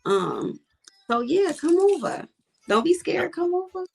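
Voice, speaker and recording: A commercial fisherwoman, appearing as a guest in a casual interview, speaks in a very high-pitched, very animated voice that's unhurried, a little mellow, and marked by vocal fry. She's blunt and emphatic, repeating points for weight.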